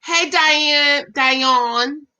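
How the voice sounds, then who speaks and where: Bright-voiced woman chatting with viewers. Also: high voice, extremely slow. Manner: animated, talks back to viewers' comments. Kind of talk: casual live-stream chat.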